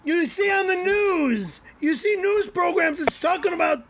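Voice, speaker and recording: A man's voice: extremely high pitch, expressive, unhurried, background noise. A man on a video call who rants in an abrasive, insulting and blunt way. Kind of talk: profane ranting.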